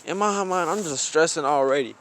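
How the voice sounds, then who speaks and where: A man's voice: fairly high pitch, brisk, fairly bright tone, a little hiss or hum. A young man telling a rambling, slang-filled story outdoors in the snow, often restarting his sentences. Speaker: vlogger. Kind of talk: casual storytime.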